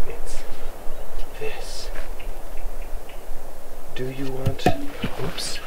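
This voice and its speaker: A young man vlogging on a wilderness camping trip, talking casually to the camera and coaxing his dog in high, excited calls. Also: measured pace, pauses often, recorded from a distance, very noisy. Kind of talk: casual outdoor vlog talk to camera and dog. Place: outdoors in the woods at a campsite.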